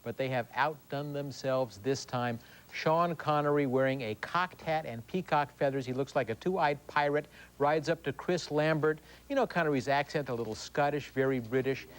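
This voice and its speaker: A man's voice: mid-range voice, normal speed, rough recording. A man giving a sarcastic, joke-filled movie review as a television film critic. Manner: sarcastic, wisecracking.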